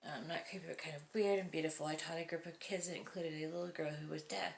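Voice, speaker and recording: A woman with a low, gravelly voice reads short spooky stories aloud as the host of her video. She breaks off for casual comments, laughing often and dropping into hushed, whispered asides. A faint hiss sits under her voice. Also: steady tone, quick pace.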